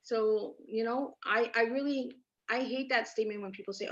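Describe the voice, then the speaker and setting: A woman's voice: on the high side, steady tone, normal speed, fairly bright tone. A woman from Canada, a podcast guest, telling her personal story in an earnest, emphatic way and repeating herself for stress over a remote call. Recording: dull lo-fi remote audio.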